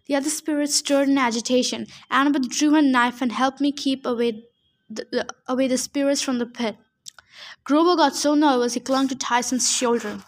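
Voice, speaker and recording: A woman reading a first-person novel aloud, steady with small slips. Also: high voice, normal speed. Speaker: audiobook reader.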